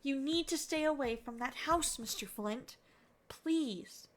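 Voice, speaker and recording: A woman's voice: high voice, measured pace, slight background noise. A woman voicing a polite, anxious young man who speaks courteously and earnestly, reading game dialogue aloud. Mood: earnest, pleading.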